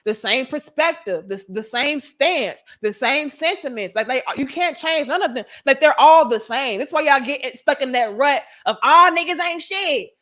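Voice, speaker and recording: A woman's voice: high voice, lively intonation, moderate pace, hardly any pauses, a bit bright. A woman giving blunt, profane relationship advice in an emphatic big-sister manner.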